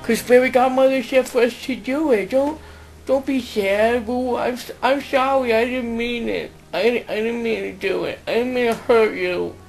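A man's voice: fairly high pitch, normal speed, a little mellow, soft background music, lightly acted. A man voicing a sweet, simple-minded male sidekick who stammers like a child. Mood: apologetic.

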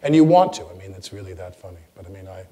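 A man, a guest actor, chatting with an audience in a lecture forum, telling animated stories and often restarting his sentences. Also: low voice, racing. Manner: animated storyteller with stammered restarts. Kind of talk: anecdotal chat with an audience.

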